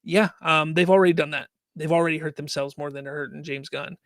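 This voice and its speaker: A man's voice: on the high side, fairly even intonation, fast, fairly bright tone, no room sound, studio quality. A man hosting a live fan news stream, reading chat comments aloud and ranting with exasperated rhetorical questions.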